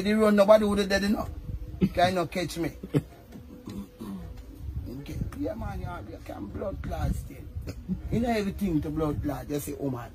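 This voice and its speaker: A young man with a Jamaican accent telling animated stories in casual chat, laughing often, recorded on a phone. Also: sits high. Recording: noisy phone video recording.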